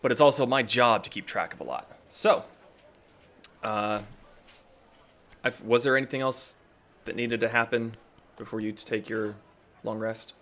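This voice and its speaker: A man's voice: on the low side, normal speed, pauses often, fairly bright tone. A man running a tabletop game as game master, patiently spelling out names in casual chat.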